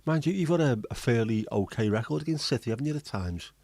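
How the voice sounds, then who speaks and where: Joking host, casual swearer, mellow low voice, dry close sound. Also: male voice, expressive, fast, vocal fry, dry recording. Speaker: livestream host. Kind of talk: casual chat reading viewer comments.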